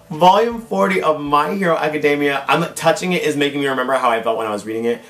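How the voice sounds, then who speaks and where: A man's voice: on the high side, fast talker, few pauses, a bit bright. A man hosts a casual manga haul vlog in drag, dramatic and gushing, his voice strained and wearing thin. The room is echoey, and faint guitar music plays behind him. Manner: gushing, dramatic, calls viewers y'all and baby. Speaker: drag queen manga collector, channel host.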